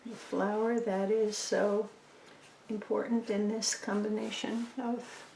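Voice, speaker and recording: A woman's voice: medium pitch, level tone, slow, gravelly, warm tone, echoey room, a little hiss or hum, low-quality recording. A woman explaining her painting step by step as she works, thinking aloud and often dropping to a near whisper. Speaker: painting instructor. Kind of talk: casual tutorial narration while painting.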